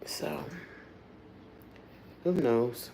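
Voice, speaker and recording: Low-voiced woman chatting on a livestream. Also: drawn-out words, mellow, whispered. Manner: candid and earthy, with frequent swearing and trailing asides. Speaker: livestream host. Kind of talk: casual storytelling chat.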